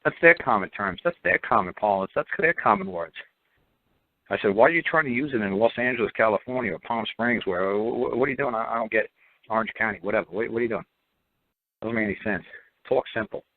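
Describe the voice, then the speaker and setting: A man hosting a radio talk show, blunt and animated, mocking others in put-on quotes. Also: fairly low pitch, fast talker, dry recording. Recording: tinny phone-like dry audio.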